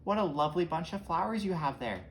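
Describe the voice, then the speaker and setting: Sly storybook wolf, higher and louder as a man puts him on, slight hiss of noise. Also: animated, fast, poor audio. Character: sly male wolf, smooth-talking predator.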